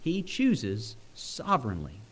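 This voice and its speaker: A young man with a drawl preaches a sermon while fighting off a cold. His voice jumps up and down in pitch and speed, and he laughs lightly as he makes his points. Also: slow pace, slightly rough. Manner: animated, swings pitch and pace, chuckles often. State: sick, using cough drops.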